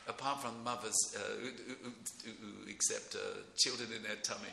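A middle-aged man gives a rambling, excitable devotional class, his gravelly voice carrying a hard, forceful edge. He chuckles often as he talks. The sound is roomy and echoey, with a faint noise underneath. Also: medium pitch, brisk. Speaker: speaker giving a devotional class. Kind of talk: informal devotional class talk.

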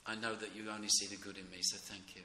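A middle-aged man giving an informal devotional class in a temple room, rambling and excitable, often breaking into chuckles. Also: lowish voice, fast. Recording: echoey room with faint noise.

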